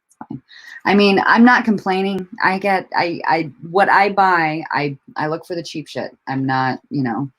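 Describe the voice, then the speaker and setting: At normal speed, a woman with a slightly bright, lowish voice hosts a casual livestream from home. She laughs a lot, swears freely, and rambles with restarts while greeting and answering viewers.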